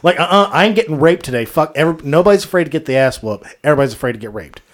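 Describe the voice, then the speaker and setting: Man, casual podcast chat, profane storyteller, laughs a lot, slightly high voice. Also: animated, racing. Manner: profane, laughs often while telling stories. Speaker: podcast co-host.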